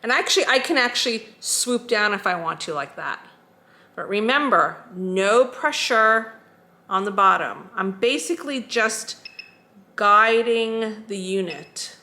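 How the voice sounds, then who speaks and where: A woman teaching a skincare routine, calmly talking through each step as she demonstrates it. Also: mid-range voice, normal speed. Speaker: skincare instructor.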